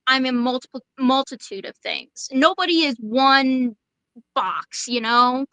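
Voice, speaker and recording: High bright-voiced young woman, hesitant. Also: moderate pace, no room sound, low-quality recording. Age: 20s. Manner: hesitant, many fillers and restarts. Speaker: interview guest. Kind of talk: casual interview chat.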